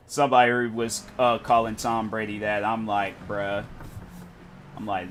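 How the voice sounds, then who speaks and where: A man's voice: medium pitch, expressive, slow pace, pauses often, a bit bright, slight background noise. A young man streaming a racing game, chatting casually in rambling, laid-back slang. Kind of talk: casual chat while gaming.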